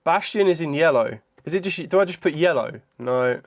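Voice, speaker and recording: A young man chatting casually on a live stream, thinking out loud in a hesitant way with frequent ums. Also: a little high, animated, brisk. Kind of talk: casual live-stream chat during a trivia quiz.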